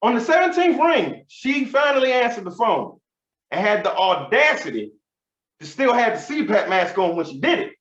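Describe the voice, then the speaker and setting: Lively, swaggering stand-up comedian. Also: male voice, sits high, normal speed. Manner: animated, profane, swaggering storytelling. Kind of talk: stand-up routine. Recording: roomy, dull sound.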